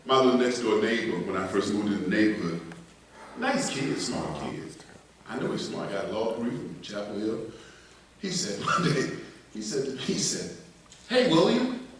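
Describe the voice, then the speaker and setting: Man, pastor, sermon, loud emphasis and quiet asides, very lively pitch, roomy church echo. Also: normal speed, background noise. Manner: animated preaching, shifting between loud emphasis and low asides. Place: church sanctuary. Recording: echoey church, voice from a distance.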